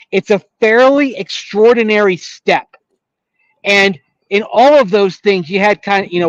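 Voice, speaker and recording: A man co-hosting a sports radio show, explaining calmly and at length. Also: sits high, dry recording, lo-fi sound. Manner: calm, explanatory, with fillers and restarts. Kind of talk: measured sports talk analysis.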